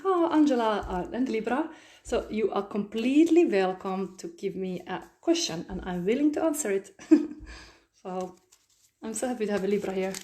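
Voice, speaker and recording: Mellow-voiced woman rambling through a tarot reading. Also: medium pitch. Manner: rambling, searching for words, frequent fillers. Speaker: tarot reader. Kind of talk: live-streamed tarot reading.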